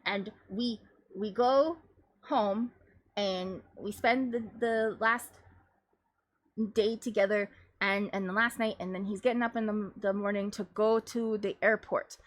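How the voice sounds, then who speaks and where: Animated, rambling woman streamer. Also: mid-range voice, a little slow. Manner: rambling and animated, laughing often. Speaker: livestream host. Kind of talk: casual chat.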